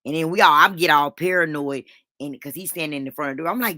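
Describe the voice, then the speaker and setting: Casting: a lowish, bright-voiced woman vlogger, dramatic storyteller with salty language. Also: fast, no echo. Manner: dramatic, swears freely, talks to viewers as "honey". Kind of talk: animated storytelling.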